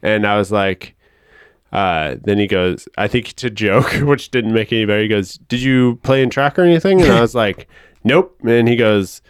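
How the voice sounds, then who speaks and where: A man's voice: on the low side, animated, moderate pace, clear, resonant tone, no room sound, clean studio sound. A man co-hosting a podcast, chatting casually and telling a rambling story full of swearing, acting out the people in it. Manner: rambling storyteller, swears a lot, acts out the people in his stories. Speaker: podcast co-host. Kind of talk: casual chat.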